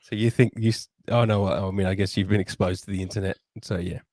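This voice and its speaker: Crude, low-voiced middle-aged man. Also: fairly even intonation, fast talker, a little mellow, dry recording. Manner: crude, profane, laughs often. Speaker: podcast co-host. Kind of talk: casual podcast chat.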